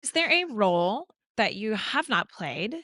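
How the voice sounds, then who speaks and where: A chatty, enthusiastic woman in her thirties hosts a casual podcast interview. Her mid-pitched voice sits close and dry, with lots of fillers and restarts. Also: big pitch swings, a little slow, pushed and bright, dry recording. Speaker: podcast host.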